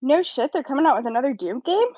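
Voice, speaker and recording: A woman's voice: high voice, animated, fast, dark tone, dry recording. A woman co-hosting a casual podcast chat who talks bluntly and swears easily. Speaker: podcast co-host. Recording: dry, dull lo-fi sound.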